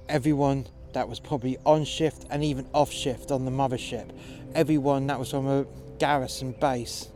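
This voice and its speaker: A man narrating a first-person action story in a low-key, dramatic way with a lot of swearing. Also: warm tone.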